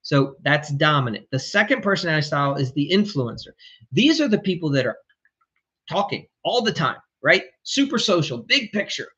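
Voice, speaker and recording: A man's voice: a little high, sing-song, moderate pace, fairly bright tone, breathy edge, muffled recording. A man coaching remodelers on sales in an emphatic, blunt way, swearing casually as he talks. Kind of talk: energetic coaching talk.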